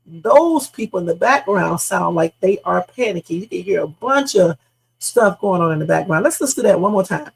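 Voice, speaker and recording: A woman's voice: on the low side, animated, moderate pace, gravelly, slightly rough, poor audio. A woman hosting a live reaction stream, speculating emphatically with casual slang and repeating her points. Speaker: livestream host.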